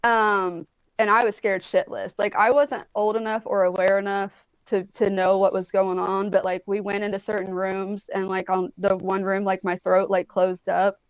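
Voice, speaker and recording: A woman's voice: mid-range voice, level tone, normal speed, smooth, no room sound, lo-fi sound. Rambling woman in her forties on a call. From Indianapolis, USA. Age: 40s. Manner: rambling storyteller, swears freely, many "like" and "um". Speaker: guest. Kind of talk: casual chat. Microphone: phone or tablet on a video call.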